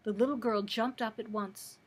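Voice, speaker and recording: Breathy woman reading a storybook aloud. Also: a little high, moderate pace. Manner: steady, expressive storytelling. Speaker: librarian. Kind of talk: reading a children's book aloud.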